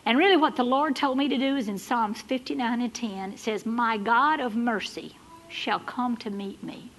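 A woman preaching a sermon in a church, building to loud, fervent exhortation. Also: on the high side, moderate pace, low-quality recording. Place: church sanctuary.

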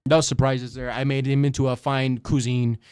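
A young man giving excitable commentary over his own gameplay, talking to the enemy and exclaiming as he plays. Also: medium pitch, moderate pace, clean tone, no room sound, studio quality. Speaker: gaming YouTuber.

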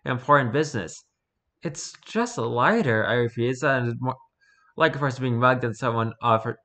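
Man casually reading spooky stories. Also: mid-range voice. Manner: relaxed, unpolished reading with restarts and self-corrections. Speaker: story reader.

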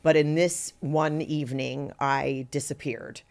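A woman's voice: sits low, a little slow, gravelly. A middle-aged woman, a guest actor, telling anecdotes in an interview and acting out the voices of people she quotes. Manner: animated storyteller who acts out quoted voices.

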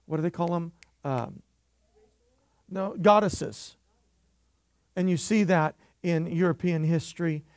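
A man's voice: fairly high pitch, darkish tone, dry recording, clean studio sound. A male pastor preaching a sermon in church, emphatic and jokey, calling for amens from the congregation.

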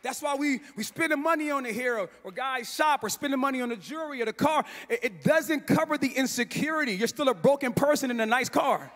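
A male pastor preaches a sermon in a sing-song cadence. His voice sits very high and rises into shouts, and he repeats phrases for emphasis. The sound rings with the long reverb of a large church hall. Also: expressive, fairly quick, hardly any pauses.

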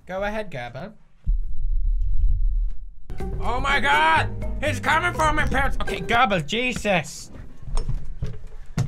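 A man's voice: extremely high pitch, big pitch swings, slow, creaky, long pauses, music in the background. A man in his twenties commentating a horror game, talking to himself, yelping and cursing when scared. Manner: jumpy, screams and swears, talks to himself. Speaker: gaming video host.

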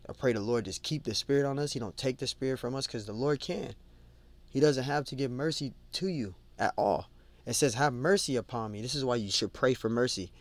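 A man's voice: medium pitch, dry recording. Man giving a casual Bible study. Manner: conversational, repeats and restarts words, adds "man" and "you know"; reads scripture aloud slowly, then lists word meanings. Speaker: Bible teacher. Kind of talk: informal Bible study talk.

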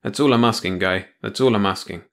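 A condemned tough guy who pleads hard in rough, slangy street talk, as a man reading the story voices him. The voice stays close to the reader's own low register, like a character in a spoken audiobook. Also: a little fast, close to an everyday voice. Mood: pleading. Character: condemned thin man pleading for his wife.

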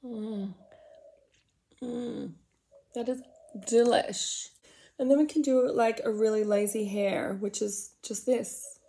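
A woman in her forties with an Australian accent, chatting through a comedic makeup routine. She rambles, mocks herself and slips into soft whispered asides. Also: on the high side, steady tone, slow pace, pauses often. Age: 40s. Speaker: makeup vlogger. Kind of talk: comedic get-ready-with-me chat.

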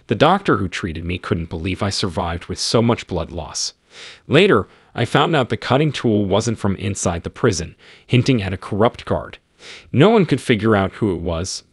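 A man's voice: fairly low pitch, breathy edge, dry recording, studio quality. A man telling his own story as scripted first-person narration, in terse, clipped, matter-of-fact sentences.

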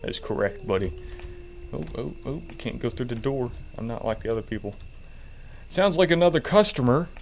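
A man's voice: mid-range voice, a little fast, creaky, a little mellow. Brief: male gamer, mid-range voice, sarcastic and jokey commentary. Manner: sarcastic, joking, swears casually. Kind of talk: game commentary.

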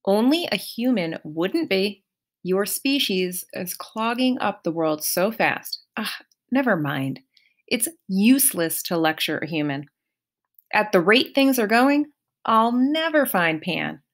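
A woman voicing an anxious, earnest young male satyr with a raised, pleading voice, in a slow, lively storybook reading. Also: medium pitch. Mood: indignant.

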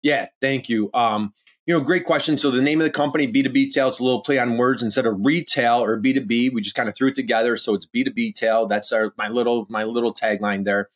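A man talking as a guest on a business podcast, eager and rambling, with plenty of fillers. His pitch sits in an ordinary middle range for a man. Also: fairly even intonation, fast talker. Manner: enthusiastic, rambling, heavy use of "you know" and "uh". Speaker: podcast guest, e-commerce consultant. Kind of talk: conversational interview.

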